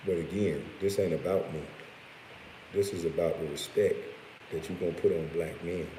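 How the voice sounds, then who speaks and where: A very low-voiced man holds forth in a blunt, profane rant, breaking off now and then to chuckle at his own lines. His voice carries a long room reverb, with a faint hiss underneath. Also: steady tone, moderate pace, mellow. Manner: blunt and profane, with laughing asides. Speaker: vlogger. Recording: roomy echo with faint hiss.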